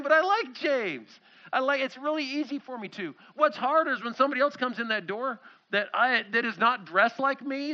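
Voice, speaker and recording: A middle-aged male pastor preaches a sermon in a church sanctuary, animatedly acting out quoted voices. His voice is very high, pushed and bright. The recording has a slightly dull, lo-fi sound.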